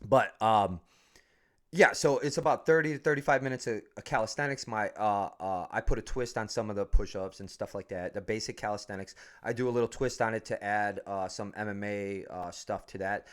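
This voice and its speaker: A man's voice: on the low side, brisk. A man who runs a fight school talks in a casual podcast chat, swearing freely, rambling through stories and laughing often. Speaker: MMA fight school owner, guest.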